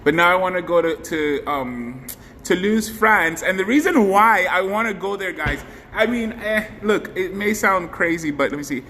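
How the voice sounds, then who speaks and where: A man's voice: high-pitched, expressive, moderate pace, sharp tone. A man hosting a casual live stream, chatting effusively and thanking viewers by name. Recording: faint background noise, long hall reverb.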